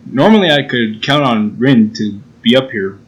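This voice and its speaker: A man's voice: mid-range voice, expressive, normal speed, poor audio. A man hosting a gaming channel, reading a visual novel aloud in a playful way and joking about the story. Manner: playful, laughs at his own jokes.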